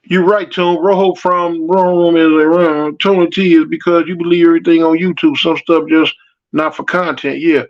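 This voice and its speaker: A man tells a street story in loose, slangy talk and acts out the voices of the people in it. His voice sits high for a man. The recording sounds muffled and lo-fi. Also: level tone, normal speed. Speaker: storyteller answering live chat. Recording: dull lo-fi audio.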